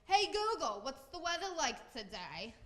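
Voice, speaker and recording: College girl doing her loud jersey mom voice, thick accent, blunt and high, bright and brassy. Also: sing-song, normal speed, heavily acted. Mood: brusque. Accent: New Jersey. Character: brash middle-aged New Jersey mom, blunt.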